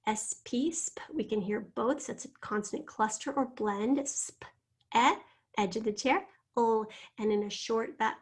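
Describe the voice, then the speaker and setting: A woman teacher giving a phonics lesson, spelling out letters and sounding out words slowly and clearly. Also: on the high side.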